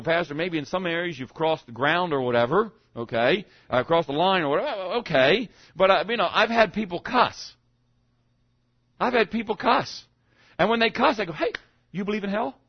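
A man's voice: a little high, no echo, muffled recording. A male pastor preaching a sermon in a conversational way, often asking the congregation questions. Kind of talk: sermon on evangelism.

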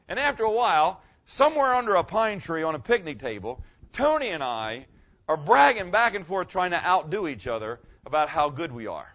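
Animated conversational pastor preaching. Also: male voice, a little high, a little fast. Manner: conversational, repeats phrases, asks the congregation questions. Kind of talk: sermon. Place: church sanctuary. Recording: dull lo-fi recording.

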